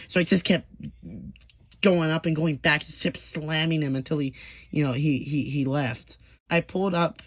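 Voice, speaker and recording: A man's voice: fairly high pitch, steady tone, a little fast, fairly bright tone, dry recording. A young man telling a rambling, profane story in a casual storytime monologue, full of stammers and restarts, briefly acting out the people he quotes. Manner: acts out quoted people in short bursts.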